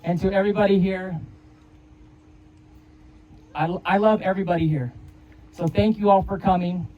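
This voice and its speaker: Halting father of the bride. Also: high-pitched, fairly even intonation, dull audio. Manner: halting, tender, with soft laughs. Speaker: father of the bride giving a speech. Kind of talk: emotional wedding toast.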